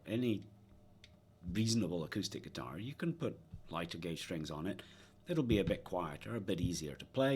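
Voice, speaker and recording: A man's voice: deep voice, breathy edge. A man reviewing an acoustic guitar in a casual, musing way, wandering into asides while he talks it through. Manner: thoughtful, musing, with trailing asides. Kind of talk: casual gear review talk. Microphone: dynamic supercardioid about half a metre away.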